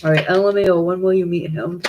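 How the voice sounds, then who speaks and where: A woman's voice: fairly low pitch, fairly even intonation, fast talker, dull audio, background noise. A woman tarot reader on a live stream, talking straight to her viewers and tearful with grief. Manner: emotional, talks directly to viewers. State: tearful, grieving.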